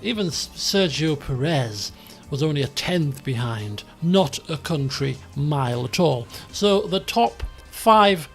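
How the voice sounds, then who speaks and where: A man's voice: a little high, lively intonation, takes it slowly, creaky, hardly any pauses, fairly bright tone, faint music behind. A man streaming a racing management game, chatting casually in a rambling, self-deprecating way. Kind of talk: casual live-stream commentary.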